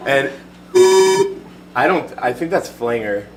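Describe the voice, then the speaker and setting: A man's voice: mid-range voice, lively intonation, slow pace, a bit bright, soft background music. A young man giving a student class presentation and demo in a casual, hesitant way, full of fillers. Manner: casual, hesitant, many fillers, chuckles at glitches. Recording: distant mic with clear background noise.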